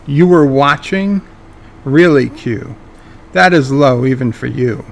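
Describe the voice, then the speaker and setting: A man's voice: mid-range voice, takes it slowly, vocal fry. Old starship captain, formal and stiff, kinda irritated, a man doing the voice. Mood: annoyed. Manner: stiff, formal, mildly annoyed. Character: older dignified male starship captain, easily annoyed.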